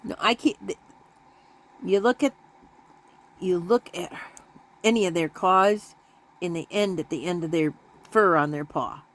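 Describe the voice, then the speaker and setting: A woman in casual vlog chat, rambling and laughing often, who switches to a high baby voice when talking to her pets. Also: unhurried, pauses often, fairly bright tone. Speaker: vlogger.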